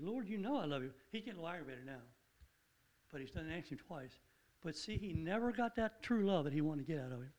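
A man's voice: high-pitched, poor audio. Earnest man teaching scripture informally. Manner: earnest, conversational, repeats points with rising emphasis. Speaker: Bible study teacher.

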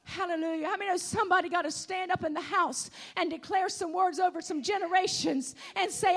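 A woman preacher delivering a fervent sermon, rising into shouted declarations and dropping to hushed scripture reading. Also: very high voice, fairly quick, few pauses. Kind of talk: Pentecostal-style sermon.

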